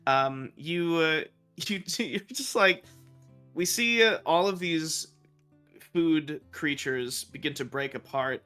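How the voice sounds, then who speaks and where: Man, game master, bright, slightly high voice, laughs a lot, faint music behind. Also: takes it slowly, clean tone. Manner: laughing often, with fillers and restarts. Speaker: dungeon master. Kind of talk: narrating a tabletop game online.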